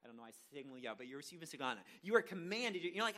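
Lively, bright-voiced male preacher. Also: a little high, rapid-fire. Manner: conversational, self-deprecating, frequent restarts. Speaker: pastor. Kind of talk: sermon.

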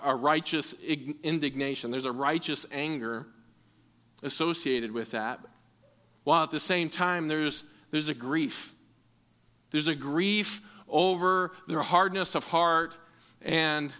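A man's voice: a little high, sharp tone. A man preaching a sermon in an earnest way, often repeating words as he restarts. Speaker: pastor.

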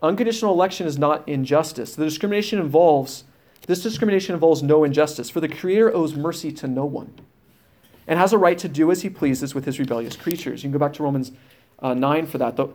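A man's voice: fairly high pitch, fast talker, darkish tone. A man teaching a sermon, reading scripture passages aloud and explaining them firmly, with fillers and restarts. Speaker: preacher.

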